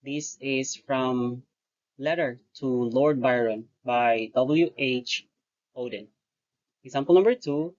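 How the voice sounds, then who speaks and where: Slow, deliberate teacher on a lo-fi recording. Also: medium pitch, a little mellow. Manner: deliberate, pauses often between phrases, corrects own wording. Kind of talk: recorded lecture-style lesson. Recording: dull lo-fi voice recording.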